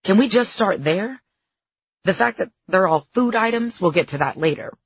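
A pushy female trainer and life coach, played by a woman reading her memoir, louder and higher than the narration. She snaps out pointed questions like a drill sergeant. The husky voice sits in a dry, slightly muffled recording. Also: expressive, moderate pace, dry recording. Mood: insistent.

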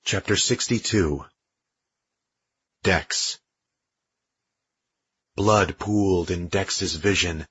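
A man narrating an audiobook in a steady, measured storytelling manner. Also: low voice, slightly rough, dry recording, lo-fi sound. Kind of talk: scripted narration.

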